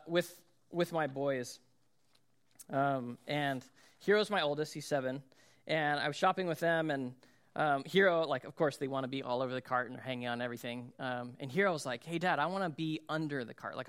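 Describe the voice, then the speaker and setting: A man in his thirties, a pastor preaching a sermon in a chatty, self-deprecating way, telling stories about his kids with quick laughs. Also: high voice, bright, forceful tone.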